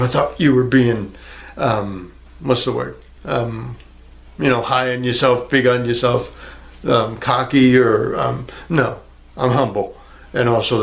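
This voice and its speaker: Recorded at home on a camera mic near a fish tank, a man talks in a creaky, mid-range voice. The YouTuber rambles casually to the viewer, his vlog crude and self-mocking.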